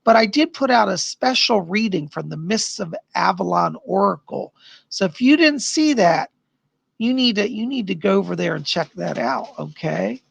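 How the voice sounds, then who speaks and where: A man's voice: high-pitched, animated, moderate pace, gravelly, breathy edge, no room sound. A man hosting a live stream as a psychic, chatting casually with viewers in a bubbly, gushing way and laughing often.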